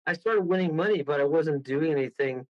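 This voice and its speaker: A man's voice: on the high side, fairly quick, dry recording, muffled recording. A man, a guest medium on a radio show, telling a rambling story full of laughs and acted-out quotes.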